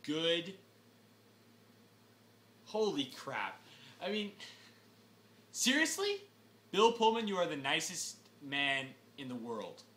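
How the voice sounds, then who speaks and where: Animated, exasperated young man ranting. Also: on the high side, slow pace, long pauses. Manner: exasperated, animated, breaks into shouts. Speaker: movie reviewer. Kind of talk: ranting film review.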